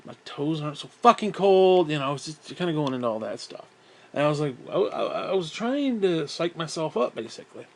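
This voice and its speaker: A man's voice: on the high side, animated, fast talker. A man telling a rambling, profane story in a casual monologue, slightly out of breath. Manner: profane, rambling, self-talk asides.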